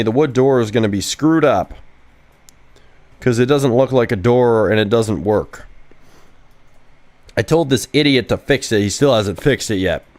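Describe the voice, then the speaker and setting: Young guy streaming his game dev, swears a lot, rambly and hyped, mid pitch. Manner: brash, profane, excitable rambling; reads viewer chat questions aloud and answers. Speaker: game developer streaming live. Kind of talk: casual livestream chat while coding.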